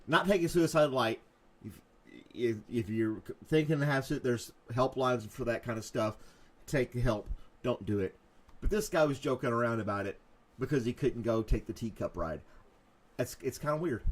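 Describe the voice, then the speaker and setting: Male live-show host, casual chat, jokey and self-amused, mid-pitched voice. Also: normal speed. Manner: joking, laughs often at his own bits.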